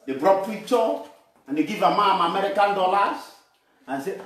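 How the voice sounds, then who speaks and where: Animated Nigerian preacher in an echoey room. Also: male voice, sits high, moderate pace, far from the mic, slight background noise. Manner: animated, shouting and laughing at the congregation. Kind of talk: sermon.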